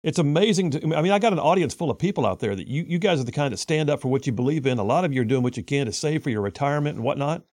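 A man's voice: on the high side, expressive, racing, hardly any pauses, darkish tone, dry recording, studio quality. A man hosting a call-in radio talk show, folksy and rambling.

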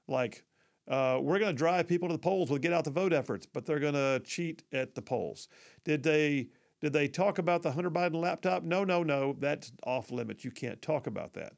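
A man's voice: fairly high pitch, normal speed, gravelly. A man hosting a conservative talk radio show, folksy and emphatic, with sarcastic asides.

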